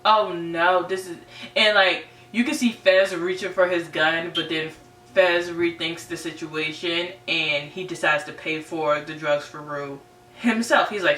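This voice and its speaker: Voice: medium pitch, fairly even intonation, unhurried, sharp tone. A TV series reviewer giving a casual, chatty episode recap, full of "right?" and "you know". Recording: roomy, distant mic, faint hum.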